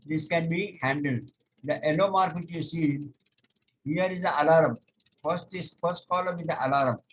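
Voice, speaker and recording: A man teaching a yoga class over a video call, explaining step by step, pausing on "okay", and chanting scripture verses slowly. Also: fairly high pitch, a little hiss or hum, low-quality recording. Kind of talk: online lecture.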